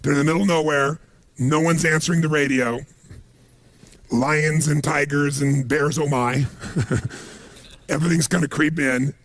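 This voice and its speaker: A man's voice: on the high side, unhurried, pauses often, no echo. A middle-aged man giving a motivational seminar talk, telling stories animatedly and acting out the people he quotes. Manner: animated storytelling, acts out quoted voices. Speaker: motivational speaker.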